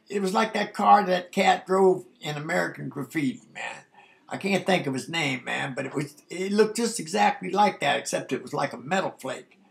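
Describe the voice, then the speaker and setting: An older man telling a rambling, folksy story from his past, dropping "man" into nearly every sentence. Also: high-pitched. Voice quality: gravelly. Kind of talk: casual spoken memoir.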